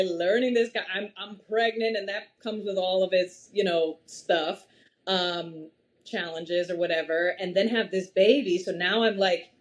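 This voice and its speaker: Woman guest, 30s, animated storyteller who laughs a lot, mid-pitched everyday voice. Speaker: podcast guest. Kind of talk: casual conversation.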